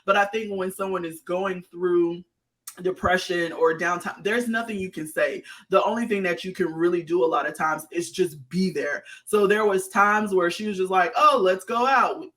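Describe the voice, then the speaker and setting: A woman guest talking plainly and earnestly in casual conversation. She is soft-spoken and not very talkative. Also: on the low side, moderate pace, recorded from a distance.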